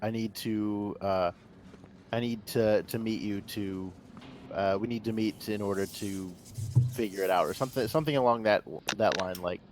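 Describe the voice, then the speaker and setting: A man's voice: lowish voice, moderate pace, a little mellow, slight background noise. A man playing in a tabletop game, talking hesitantly with many restarts and fillers. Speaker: player.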